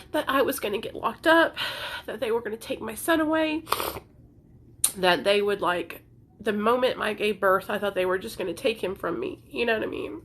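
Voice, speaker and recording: A woman's voice: high-pitched, fairly bright tone. A young woman talking to camera in an emotional personal vlog, earnest and pleading, crying as she speaks. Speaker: content creator sharing recovery story.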